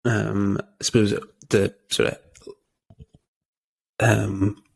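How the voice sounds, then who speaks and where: A man co-hosting a podcast in casual chat, hesitant and searching for words, with a gravelly voice. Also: on the low side, little pitch movement, very slow. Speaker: podcast co-host.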